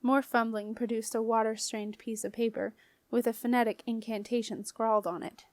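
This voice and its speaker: A woman's voice: fairly high pitch, steady tone, normal speed, a little mellow, no echo. Woman reading a storybook, dry close sound. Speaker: audiobook reader. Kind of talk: audiobook narration of a children's fantasy novel.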